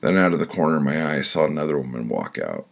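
A middle-aged man with a very low, gravelly voice reads his own prose poems aloud. His telling is blunt and deadpan, with a husky edge and plenty of swearing. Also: quick pace. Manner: blunt, profane, deadpan storytelling. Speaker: author reading his own book. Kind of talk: audiobook reading of prose poems.

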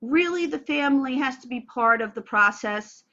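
A woman speech pathologist answers interview questions with a lively, playful manner. Her voice sits high and sounds bright and forceful. The video call audio is a bit dull and muffled. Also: moderate pace.

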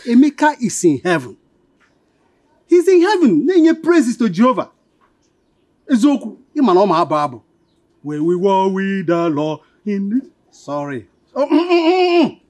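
A halting, consoling old friend. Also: male voice, high voice, darkish tone, no echo, studio quality. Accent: Nigerian. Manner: halting, consoling, repeats himself. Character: sympathetic male childhood friend consoling a widow.

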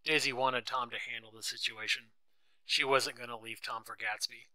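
Bright-voiced man reading a story. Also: medium pitch, level tone, moderate pace, no room sound, low-quality recording. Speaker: narrator. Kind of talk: scripted storybook narration.

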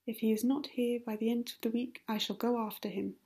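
A woman voicing a hearty, jovial country gentleman who talks in a boisterous, insistent way, in a whispered role-play. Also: fairly high pitch, fairly even intonation, brisk, husky.

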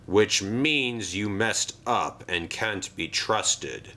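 A man doing a sneering, low diesel engine. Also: full character voice. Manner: sneering, flat, slow.

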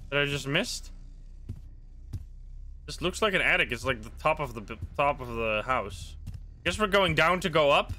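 Bright-voiced young male streamer. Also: on the high side. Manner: chatty and wry, reacts with quick asides and swearing. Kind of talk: live gameplay commentary, reading game text aloud.

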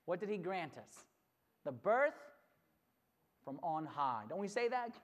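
A retreat speaker giving a storytelling sermon, lively and animated, who acts out the characters. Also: medium pitch, normal speed.

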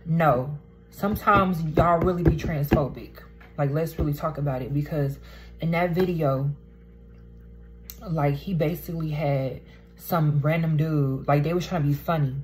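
A woman's voice: low-pitched, a little slow, faint music behind, rough recording. A young woman, talking bluntly and swearing freely in a casual vlog rant at home. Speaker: vlogger. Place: indoors at home, poor lighting.

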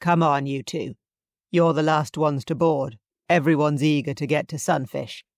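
A relaxed, friendly young man with a low, even tone, as a woman narrator voices him. The audiobook voice is close and dry. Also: normal speed, no room sound. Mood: easy. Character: easygoing young man, dive instructor. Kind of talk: audiobook character voice.

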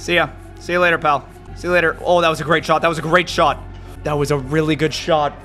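A man giving casual gameplay commentary, jumpy and excitable, yelping and muttering to himself. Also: fairly high pitch, quick pace, soft background music. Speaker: gaming video host.

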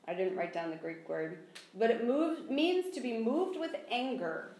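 A woman preaching a teaching sermon, lively and animated, acting out scripture dialogue with bursts of laughter. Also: fairly high pitch, measured pace. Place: church sanctuary. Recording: echoey room.

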